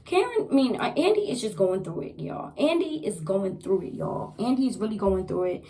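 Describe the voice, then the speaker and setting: A young woman casually recapping a TV episode, chatty and animated, repeating herself as she goes. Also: mid-range voice, normal speed, poor audio. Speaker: TV show reviewer.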